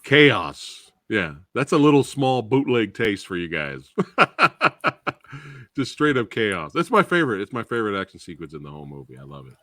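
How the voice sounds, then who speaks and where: Man, excitable film review host, lively pitch, dry close recording. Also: moderate pace, no echo. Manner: excitable, laughing, swears casually. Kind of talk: casual film review chat.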